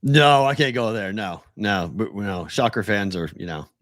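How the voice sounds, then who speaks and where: A man's voice: fairly low pitch, expressive, normal speed, fairly bright tone, no room sound. A man co-hosting a sports talk show, chiming in with short, dry remarks. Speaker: co-host.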